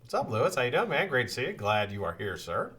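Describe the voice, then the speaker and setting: A man hosting a live stream, chatting casually and greeting viewers in the chat one by one, swinging from loud calls to low muttering and swearing freely. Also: sing-song, quick pace, noisy background.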